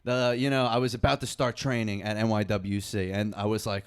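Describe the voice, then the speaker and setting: A man's voice: lowish voice, level tone, brisk, few pauses, smooth. Profane rambling New man. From Long Island, New York. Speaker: podcast co-host. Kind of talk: casual chat.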